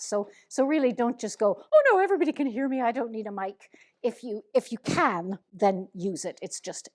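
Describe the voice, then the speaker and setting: A woman, a minister, leading a lively public speaking workshop for a group in a room, encouraging them and demonstrating the exercises aloud. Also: mid-range voice. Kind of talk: live workshop teaching.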